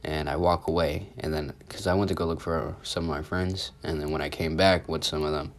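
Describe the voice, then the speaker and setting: A man with a cold and a sore throat talks through a story in a loose, rambling way. His voice sits very low, and he fills his sentences with casual fillers. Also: fairly even intonation, fairly quick. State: sick, sore throat, sniffling. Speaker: youtuber. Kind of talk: storytime vlog.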